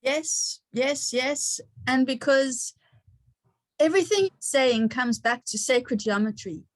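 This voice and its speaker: A woman's voice: high voice, slow, no room sound. A woman hosting an online gathering, sharing personal stories in a chatty way with frequent laughter and fillers.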